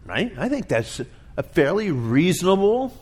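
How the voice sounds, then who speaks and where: A middle-aged male pastor delivers a conversational sermon. His voice sits high and swings widely in pitch, and he slips into quoted voices as he tells his stories. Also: very animated, a little slow, a little mellow, breathy edge.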